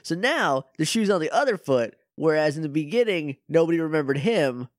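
A man's voice: on the high side, expressive, no room sound, clean studio sound. A young adult man co-hosting a podcast, reacting with sarcastic jokes and frequent laughter. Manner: jokey, laughs often, quick sarcastic quips. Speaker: podcast co-host. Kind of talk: casual chat.

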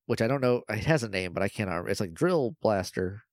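A man co-hosting a podcast, casually retelling a TV episode in an animated way, peppered with "like" and quick impressions. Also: fairly low pitch, no echo, studio quality. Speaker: podcast co-host. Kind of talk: casual episode recap chat.

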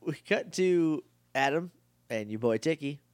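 Lively man chatting with lots of fillers. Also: fairly high pitch, clear, resonant tone, no echo. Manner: animated, quick, lots of "like" fillers. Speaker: podcast co-host. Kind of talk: casual recap chat.

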